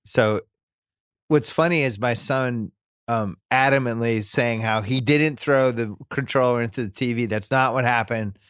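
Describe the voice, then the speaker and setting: Middle-aged male host, mid-pitch, bantering about parenting with wry exasperation. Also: a little slow, smooth, no echo, clean studio sound. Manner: joking, exasperated parent stories. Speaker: podcast host. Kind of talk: casual chat.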